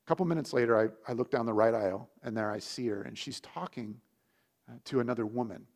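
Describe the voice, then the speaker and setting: A male pastor with a mid-range voice delivers a sermon through an animated personal story. His loudness rises and falls as the tale builds. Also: medium pitch, fast. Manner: animated storytelling with lively shifts in volume.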